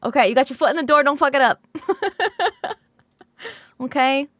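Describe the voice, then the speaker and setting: High-pitched bright woman streamer, giggly and sleepy, just woke up, dry close mic. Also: lively intonation, a little slow, dry recording. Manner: giggly, laughs often. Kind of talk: casual chat with viewers.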